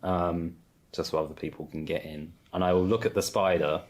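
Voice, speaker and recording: A man playing a tabletop game, relaxed and wry as he explains his moves. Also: low voice, brisk. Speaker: player. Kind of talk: casual tabletop game play.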